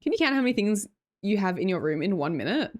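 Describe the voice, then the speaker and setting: Lively, giggly Australian woman streamer. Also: medium pitch, fast talker. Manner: chatty, giggly, rambling. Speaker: livestreamer. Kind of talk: casual chat with live viewers.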